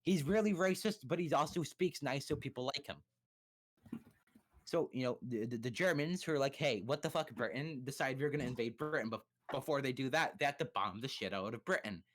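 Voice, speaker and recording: A man's voice: medium pitch, lively intonation, a little fast, fairly bright tone. A young man streaming live, giving a crude, sarcastic and rambling rundown of history with many restarts. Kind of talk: profane comedic history rundown. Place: home streaming setup.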